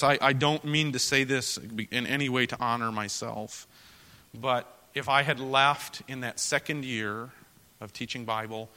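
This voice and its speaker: A man preaching to fellow pastors in an earnest, storytelling manner, swinging from loud emphasis to quiet confession. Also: medium pitch, big-room sound. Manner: earnest, storytelling, rises loud for emphasis then drops soft. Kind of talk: sermon to pastors.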